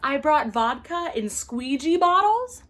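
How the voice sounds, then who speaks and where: A woman voicing a brazen, tipsy female passenger who gives breezy, shrill excuses. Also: sing-song, takes it slowly, fairly bright tone, exaggerated voice. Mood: breezy defiance.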